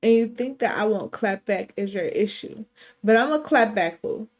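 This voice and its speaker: A woman's voice: medium pitch, moderate pace, natural voice. A woman voicing a bold young woman who talks back to her mother, with blunt, profane comebacks. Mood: defiant. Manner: blunt, profane, sassy clapbacks.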